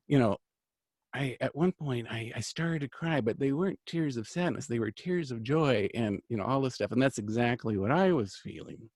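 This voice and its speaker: A middle-aged man, a host who reads angel cards and works as a healer, tells a long personal story in casual chat. His medium-pitched, somewhat dark voice rambles earnestly, packed with fillers and restarts, and the recording has no room sound.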